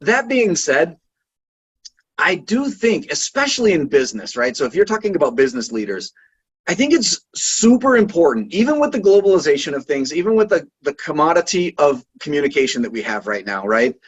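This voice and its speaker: Through a muffled recording comes a slightly high, husky, sing-song male voice speaking a little fast. He's a consultant from Boston, USA, guesting on a podcast, and his casual interview talk keeps restarting and ending in "right?"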